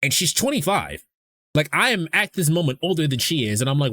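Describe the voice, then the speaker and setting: A man's voice: on the high side, very animated, a little fast, fairly bright tone. A young adult man streamer rambling casually to his chat, swearing freely and restarting his sentences often.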